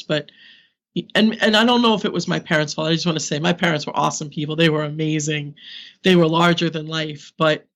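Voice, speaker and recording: A woman in her fifties from Brooklyn, a podcast guest speaking candidly and animatedly with frequent laughs. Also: deep voice. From Brooklyn, New York, US. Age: 50s. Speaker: podcast guest, social media consultant. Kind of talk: candid interview conversation.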